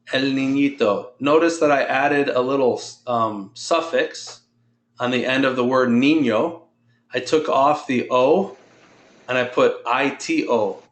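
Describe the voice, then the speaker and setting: A man's voice: medium pitch, a bit bright, reverberant. A man teaching a Spanish lesson, patiently explaining grammar and drilling pronunciation. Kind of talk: online language lesson.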